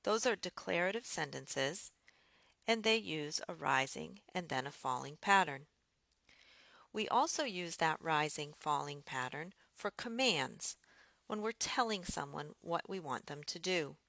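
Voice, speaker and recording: Woman teaching english intonation, slow and careful, bit of vocal fry. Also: deep voice, lively intonation, fairly bright tone, no echo. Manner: slow, clear, deliberate delivery. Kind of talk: scripted lesson narration.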